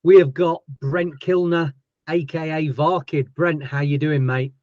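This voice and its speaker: Chatty Yorkshire host, dry dull sound. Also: male voice, on the high side, fairly even intonation, measured pace, no room sound. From Yorkshire, England. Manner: chatty, enthusiastic, many restarts. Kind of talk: casual interview chat.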